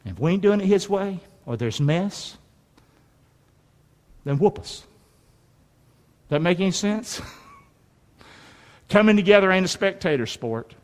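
A man's voice: high voice, animated, slow, pauses often. A man preaching a folksy, emphatic sermon in a church and calling on the congregation to answer back. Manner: folksy and emphatic, calls for response. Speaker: pastor. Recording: long reverb of a large hall.

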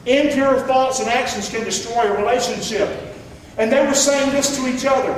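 A man's voice: extremely high pitch, moderate pace, slight background noise. A middle-aged man preaching a sermon as pastor, emphatic and calling on the congregation to answer back. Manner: emphatic, calls for congregation responses. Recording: echoey church hall recorded from far off.

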